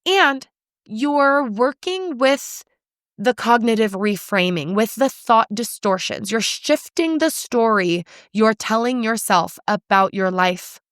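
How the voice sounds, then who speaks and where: A woman's voice: on the high side, slow, no echo, studio quality. A young woman hosting a solo coaching podcast, talking bluntly and with energy. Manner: blunt, animated, casual swearing. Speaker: podcast host, nutrition coach.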